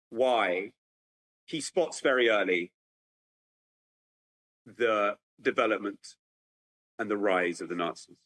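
Animated man giving a lecture. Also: mid-range voice, poor audio. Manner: lively, animated storytelling with frequent restarts. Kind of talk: public lecture. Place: at home with a computer, remote talk.

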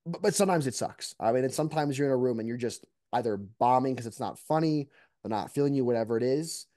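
A man's voice: medium pitch, quick pace, no echo, studio quality. A man, a mock trial competitor, reflecting animatedly in a casual interview. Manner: reflective, animated, many restarts.

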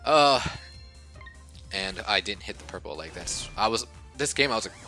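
A man giving casual commentary over a game he recorded, muttering at times and then bursting out loud, and a little short of breath. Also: lowish voice, normal speed, soft background music. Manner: excitable, swings from mumbling to outbursts. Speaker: gaming YouTuber.

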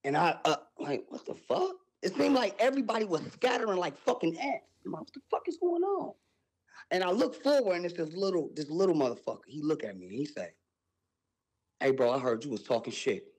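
A young man telling a wild story on a podcast, loud and animated, with sound effects and profane slang. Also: a little high, fairly quick, husky, rough recording.

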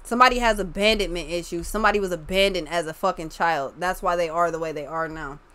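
A woman's voice: lowish voice, quick pace, sharp tone. A young woman talks her viewers through a tarot reading in a casual, unscripted way. She is blunt and profane, drawling through her points and circling back with restarts. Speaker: tarot reader.

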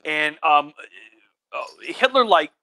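A tipsy man lectures like a professor, rambling at home with plenty of fillers and little mocking voices for the people he quotes. His voice sits a bit high and sounds bright. The sound is dry and close. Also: animated, takes it slowly, no room sound. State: drinking, tipsy. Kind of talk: casual tipsy lecture livestream.

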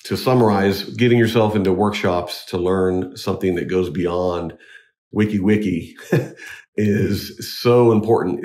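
A man, a wedding DJ, talking in a casual interview, halting with many restarts but earnest. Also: low-pitched, a little mellow. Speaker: wedding DJ and MC, guest.

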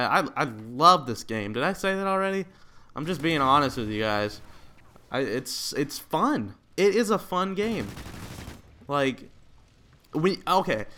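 A young man with a drawl chats his way through a live gaming commentary. His voice is bright and clean. He rambles, restarts sentences and leans on fillers as he talks into a desk mic. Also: mid-range voice, clean tone.

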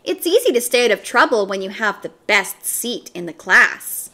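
A woman reading a children's chapter book aloud, narrating in an expressive, animated storybook style. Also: medium pitch, normal speed.

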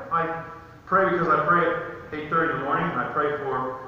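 A pastor preaching a conversational sermon with personal stories, rising to emphatic peaks. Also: male voice, a little high, fairly even intonation, fairly quick. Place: church sanctuary. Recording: echoey church hall, distant mic, slightly dull.

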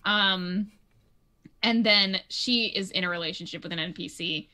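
Bright-voiced woman guest chatting. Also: mid-range voice, unhurried. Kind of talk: casual chat.

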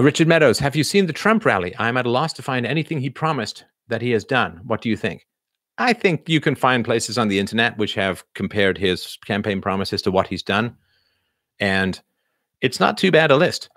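A man's voice: fairly low pitch, a bit bright, dry recording, studio quality. A middle-aged man hosting a live chat, rambling through viewer questions with lots of fillers and restarts. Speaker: livestream host answering viewers.

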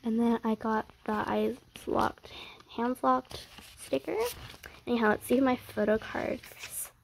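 A woman chatting casually while unboxing a haul, gasping and squealing with fan excitement and sometimes dropping to a whisper. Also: fairly high pitch, slow pace, vocal fry, a little hiss or hum, rough recording. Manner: gasps and squeals often, gushing fan excitement; drops to a whisper at times.

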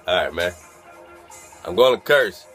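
A man's voice: low voice, lively intonation, a little slow, a bit bright, soft background music. A man doing a loose, profane freestyle rap and dropping "man" into nearly every line. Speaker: freestyle rapper. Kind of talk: freestyle rap over a beat. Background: instrumental beat.

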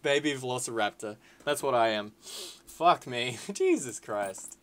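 A man giving casual, excitable gameplay commentary, swearing freely and calling his viewers lads and boys. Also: mid-range voice, a little slow. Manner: excitable, swears a lot, shouts at big moments. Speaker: gaming video creator.

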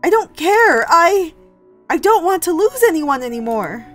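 A woman voicing a distraught young woman chasing her grandfather, pleading and shouting. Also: very high-pitched, sing-song, measured pace, soft background music, pitched above the performer's own voice, full character voice. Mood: desperate.

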